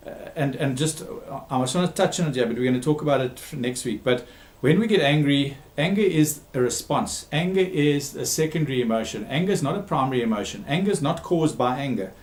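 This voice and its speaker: A man who works as a therapist gives a recorded talk, speaking emphatically, repeating key words and pausing with frequent ums. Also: medium pitch, darkish tone, echoey room. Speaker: therapist giving a talk series.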